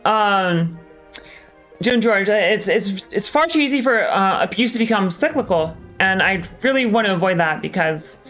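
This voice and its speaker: A man's voice: high voice, lively intonation, moderate pace, a bit bright, soft background music. Candid, swearing male game streamer. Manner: casual, candid, swears often, hesitant with many ums. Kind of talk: live gameplay commentary.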